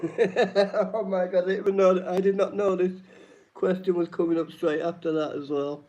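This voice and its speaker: A man's voice: high voice, steady tone, a little fast, dark tone. A man hosting a live-stream trivia night, reading each question twice and greeting chat viewers by name. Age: adult. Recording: dull lo-fi stream audio.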